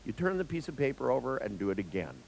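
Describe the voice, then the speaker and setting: A man's voice: mid-range voice, quick pace, vocal fry, a little hiss or hum, rough recording. A therapist giving a live seminar talk to an audience, joking and speaking straight to listeners as he explains. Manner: animated, joking, acts out dialogues with clients.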